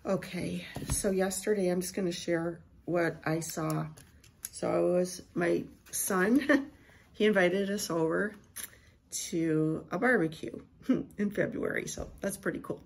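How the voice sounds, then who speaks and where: Husky low-voiced woman reading prophecy. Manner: slow, reverent reading voice. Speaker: Christian prophetic speaker. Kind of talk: reading a prophetic word and sharing a vision.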